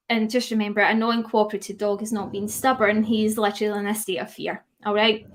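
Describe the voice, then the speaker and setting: Chatty woman teaching a webinar. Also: on the high side. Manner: chatty, asks the audience questions, reads out chat replies. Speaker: dog grooming educator.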